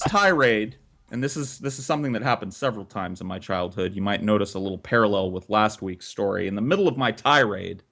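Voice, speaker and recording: A man co-hosting a podcast, telling a long story in a casual, profane way with lots of swearing. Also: medium pitch. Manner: profane, animated, swears often.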